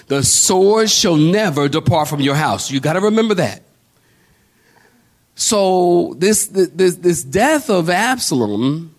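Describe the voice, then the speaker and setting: A male pastor preaching a sermon, building emphasis through repetition and calling on the congregation to respond. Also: on the high side.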